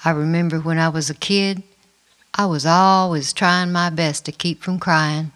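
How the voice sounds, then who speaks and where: A middle-aged woman narrating her own life story in the first person, quiet and reflective. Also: deep voice, fairly even intonation, unhurried. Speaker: memoir narrator. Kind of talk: first-person memoir reading.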